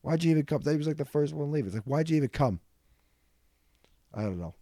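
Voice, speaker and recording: A man's voice: on the high side, animated, fast talker, warm tone, dry recording, clean studio sound. A young man hosting a comedy podcast, telling rambling, profane stories and laughing often. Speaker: podcast host. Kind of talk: casual comedic storytelling.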